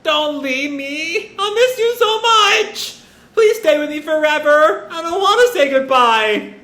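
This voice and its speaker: A man reading a manga aloud, voicing a tearful young boy shogun who pleads in a high, crying voice. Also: expressive, a little slow, bright, forceful tone, full character voice. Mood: sobbing, pleading. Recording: roomy echo.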